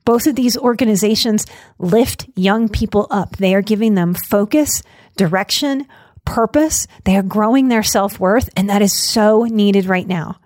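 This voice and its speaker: A woman hosts her show and talks to her listeners in an earnest, heartfelt way. Her voice sits at a middle pitch. It is recorded dry and close, with no room sound. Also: measured pace, a little mellow, dry recording. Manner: earnest, emotional, choked up at times. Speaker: podcast host. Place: Denver.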